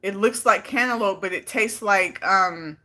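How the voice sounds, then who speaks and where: A woman's voice: mid-range voice, a little slow, pushed and bright. A woman from California chatting casually on a live stream, playful and talkative, reading out viewer comments. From California, Bay Area. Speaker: vlogger on a livestream.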